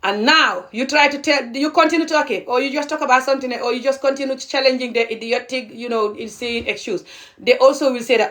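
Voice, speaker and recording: A young adult woman from Gambia speaks straight to the camera, heated and indignant. Her voice sits a little high, and she drives each point home with a sharp "okay?". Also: a little fast. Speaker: video creator. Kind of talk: impassioned social commentary to camera.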